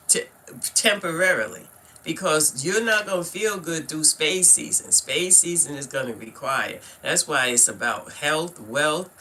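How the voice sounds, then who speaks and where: Bright-voiced older Brooklyn woman. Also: sits low, slight background noise. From Brooklyn, New York. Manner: chatty, talks straight to viewers with "y'all" and "fam". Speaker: card reader live-streaming. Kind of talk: casual live-stream card reading. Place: at home, indoors.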